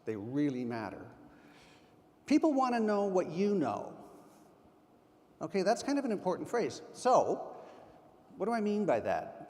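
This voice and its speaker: A man's voice: on the high side, warm tone. Older man giving an emphatic conference talk. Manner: emphatic, anecdotal storyteller. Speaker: keynote speaker at a sales conference. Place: large conference hall. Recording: long hall reverb.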